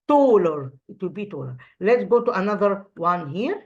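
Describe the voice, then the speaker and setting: An Egyptian woman teaching English grammar over slides, her voice sitting at a middle pitch. She speaks English as a second language and often pauses with fillers and restarts her sentences. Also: big pitch swings, darkish tone, dull audio. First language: Arabic. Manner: hesitant, many fillers and restarts. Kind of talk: recorded online grammar lesson.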